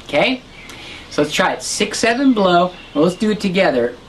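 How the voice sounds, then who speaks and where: A woman with a fairly low voice leads a harmonica lesson. She explains each step patiently and counts the beats aloud. A faint hiss sits under the recording. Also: big pitch swings, normal speed. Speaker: harmonica teacher. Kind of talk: online music lesson.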